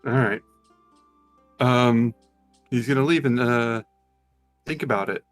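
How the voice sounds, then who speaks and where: A man's voice: medium pitch, slow pace, faint music behind. Man narrating a tabletop game. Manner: loose, hesitant, lots of ums. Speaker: game master.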